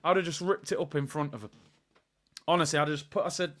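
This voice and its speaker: A young man, hosting a live football watchalong and chatting in a rambling, playful way. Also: fast talker. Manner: animated, rambling, playful, bursts into high shouts. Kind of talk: casual live-stream chat.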